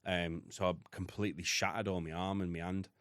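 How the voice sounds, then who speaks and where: Deep-voiced British man telling a hard story. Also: level tone, brisk, a bit bright, dry recording, studio quality. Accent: British English. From United Kingdom. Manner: blunt, heavy swearing, emotional retelling. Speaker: podcast guest. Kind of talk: candid storytelling.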